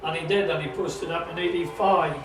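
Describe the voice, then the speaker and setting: Chatty Scottish commentator over roaring cars. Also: male voice, on the high side, a little fast. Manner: chatty, excitable, talks to a companion. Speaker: motorsport commentator. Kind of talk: live race commentary. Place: at a sprint track. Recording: roomy, distant mic with loud car noise. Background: car engines and outdoor ambience.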